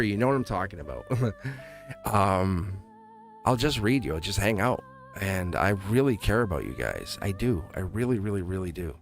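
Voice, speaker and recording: A man hosting a tarot livestream in a rambling, casual way, chuckling often and restarting his sentences. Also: on the low side. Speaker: tarot reader and livestream host. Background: faint music.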